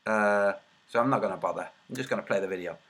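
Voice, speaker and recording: A man's voice: on the low side, quick pace, fairly bright tone. A man hosting a casual livestream, muttering to himself while he searches and then commenting in a mocking, sarcastic way. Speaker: video host.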